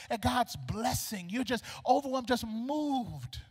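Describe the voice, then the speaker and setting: A man preaching a sermon in a church, animated and colloquial, acting out the dialogue of the people in his story. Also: very high voice, slow pace, hardly any pauses, husky. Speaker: pastor. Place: church sanctuary. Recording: long reverb of a large hall.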